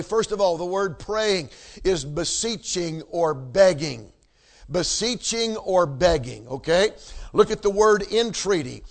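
High-voiced preacher, emphatic. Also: male voice. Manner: emphatic, often asks "okay?" and repeats key words. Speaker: pastor. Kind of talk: sermon.

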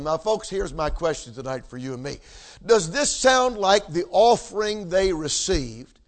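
A man preaching a sermon, emphatic, repeating key words and checking in with the congregation. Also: high voice. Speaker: pastor.

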